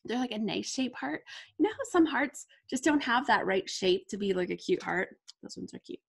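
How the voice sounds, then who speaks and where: A woman's voice: a little high, animated, normal speed, vocal fry, breathy edge. A woman, hosting a casual live crafting chat and gushing over supplies with lots of "like" fillers. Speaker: scrapbooking livestream host.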